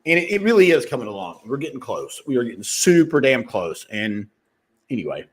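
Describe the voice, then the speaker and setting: Husky guy coaching sales, talks fast and all over the place, pitch swinging way up and down. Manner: fast-talking, animated, rambling with restarts. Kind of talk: motivational monologue to viewers.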